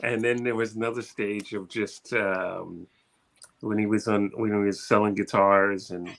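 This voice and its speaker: A man on a video call reminiscing about an old friend in a reflective way, pausing often with ums and uhs. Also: on the low side, steady tone, creaky, fairly bright tone, rough recording. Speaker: musician friend sharing memories. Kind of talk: spoken memorial tribute.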